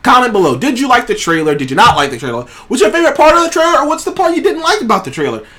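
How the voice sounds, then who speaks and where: A man hosting a casual trailer review show, talking in an excited, rambling way and swearing freely. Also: very high-pitched, racing. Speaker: show host.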